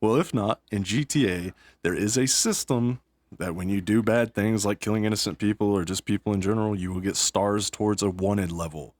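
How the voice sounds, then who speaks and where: A man's voice: on the low side, brisk, no echo. A man and father talking casually about a video game, rambling, tripping over his words and laughing at himself. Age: adult with young kids. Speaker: gaming YouTuber. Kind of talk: casual gaming commentary.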